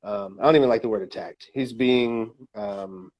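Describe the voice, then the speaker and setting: A man's voice: lowish voice, moderate pace, darkish tone, lo-fi sound. A man co-hosting a casual podcast, talking through his opinions with lots of fillers and restarts. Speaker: podcast co-host.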